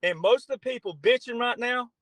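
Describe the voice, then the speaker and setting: Blunt, high-voiced middle-aged man. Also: a little fast, a bit bright, no echo, low-quality recording. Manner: blunt, emphatic, profane. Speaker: podcast guest. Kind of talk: political talk show conversation.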